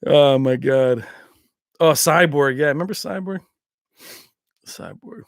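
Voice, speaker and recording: A man hosting a late-night tech livestream from his house, loose and rambling after a few drinks. He laughs often and drifts off-topic while reading the chat. His voice sits slightly high and sounds close and dry. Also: slow, creaky, no echo. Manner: laughs often, slips into movie impressions. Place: his own home.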